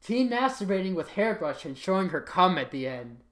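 Here an adult hams up a list of titles, feigning gravity but repeatedly bursting out laughing and occasionally adopting an announcer's tone. The pitch is medium, the delivery very animated, the speed normal.

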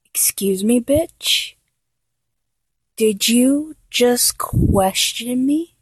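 Slow, taunting dominant woman. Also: on the high side, husky, no echo. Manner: taunting and mocking, with frequent laughter; drops to a whisper at times. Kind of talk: dominant audio role-play.

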